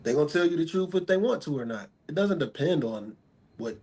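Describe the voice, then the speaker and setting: A man's voice: on the high side, animated, a little fast, mellow, breathy edge. A man speaking as a talk show guest, stating firm, repetitive opinions about women in casual talk.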